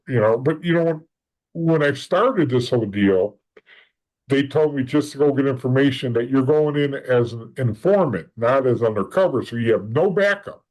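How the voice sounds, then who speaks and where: A man's voice: mid-range voice, animated, moderate pace, a little mellow, low-quality recording. A man, a podcast guest, telling a long first-hand story in casual conversation, rambling with restarts and acting out the lines of the people in it. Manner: rambling, acts out quoted dialogue, frequent restarts.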